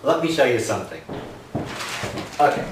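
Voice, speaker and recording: Talking casually to camera from his home, a gardening vlogger chats and jokes with viewers in a medium-pitched voice with big pitch swings. His pace is moderate, and the far-off mic in an echoey room picks up a noisy background.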